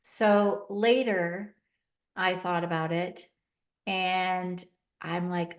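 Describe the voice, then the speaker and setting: A woman's voice: on the low side, fairly even intonation, very slow. A middle-aged woman telling a personal story as a podcast guest, recounting events vividly and acting out the dialogue with emotion.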